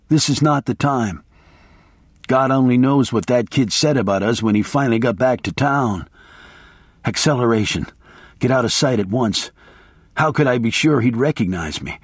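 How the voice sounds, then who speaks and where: A man's voice: medium pitch, husky, no room sound, clean studio sound. A man giving intense, sardonic first-person audiobook narration.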